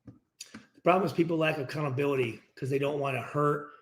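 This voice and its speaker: A man's voice: a little high, a little fast, slight background noise. A middle-aged man hosting a post-game reaction, ranting casually and profanely and acting out the dialogue himself. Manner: profane, animated, acts out dialogue. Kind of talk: casual unscripted rant. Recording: roomy echo.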